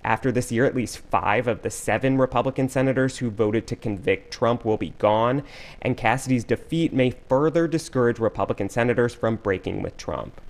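A man reporting political news and answering an anchor's questions in a measured, clear way. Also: medium pitch.

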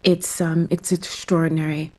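A woman writer being interviewed, speaking thoughtfully with halting restarts. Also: deep voice, level tone, mellow. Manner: thoughtful, halting, repeats words. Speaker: guest writer. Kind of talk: reflective interview talk.

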